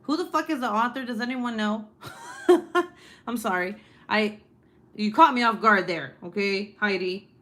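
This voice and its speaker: A woman around thirty hosting a casual live stream, talking loudly with plenty of swearing and laughter. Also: medium pitch, measured pace, pauses often. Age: 30s. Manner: loud and profane, laughing often. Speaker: host.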